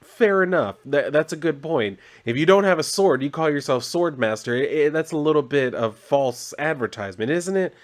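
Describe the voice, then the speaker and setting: A man's voice: on the high side, lively intonation, normal speed, few pauses. A man casually recapping a comic book, rambling with filler words and side remarks.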